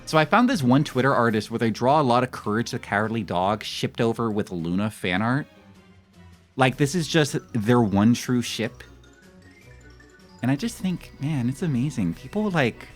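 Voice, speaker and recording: A man in his thirties chatting casually with his stream viewers in a rambling, animated way, often breaking into laughter. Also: mid-range voice, moderate pace, soft background music. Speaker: live streamer.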